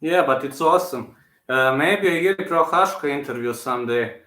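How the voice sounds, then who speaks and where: A man chatting casually on a live stream, answering viewers and circling back to repeat his points. His voice is bright and forward. The room adds a noticeable echo. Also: on the high side, expressive, moderate pace. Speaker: channel host. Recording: roomy echo.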